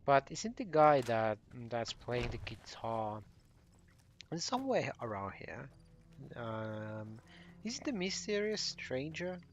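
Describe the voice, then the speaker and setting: A man's voice: medium pitch, very animated, slow pace, slight background noise. Rambling man narrating his gameplay. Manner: rambling, corrects himself often. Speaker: gaming channel host. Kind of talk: casual let's play commentary.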